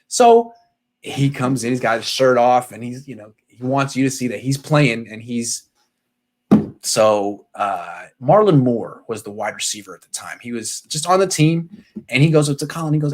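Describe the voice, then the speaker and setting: A man hosting a sports podcast, telling stories in casual chat with sudden loud outbursts and muttered asides. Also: medium pitch, normal speed. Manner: excitable storyteller, jumps between loud outbursts and muttered asides.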